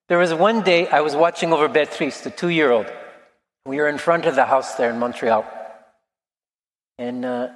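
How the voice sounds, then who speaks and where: A priest around sixty delivers a sermon in a gentle, reflective way, telling stories at an unhurried pace. His voice sits a little higher than most men's. The sound carries the long reverb of a large hall, as in a church.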